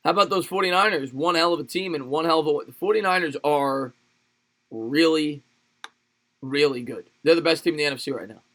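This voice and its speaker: An energetic man calls a football game play by play for his livestream audience, stopping to answer viewer comments. His voice is bright and forward and sits a bit high, and he laughs easily between calls. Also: a little fast. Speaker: livestream sports play-by-play host. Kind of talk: play-by-play commentary mixed with live chat replies.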